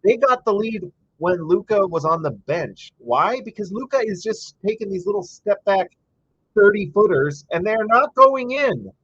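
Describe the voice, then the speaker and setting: A man hosts a casual live stream while watching a game. He chats over it, reads viewer comments aloud and breaks into frustrated little rants. His voice sits a bit high with a husky edge, caught on dull, dry, lo-fi home audio. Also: sing-song, measured pace, fairly bright tone, no room sound. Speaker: livestream host.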